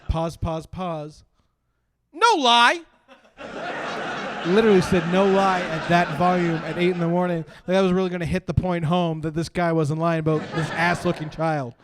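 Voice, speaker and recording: A man doing a stand-up set, rambling with lots of fillers and breaking into sudden loud bursts. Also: on the high side, flat delivery, a little slow, noisy background. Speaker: stand-up comedian.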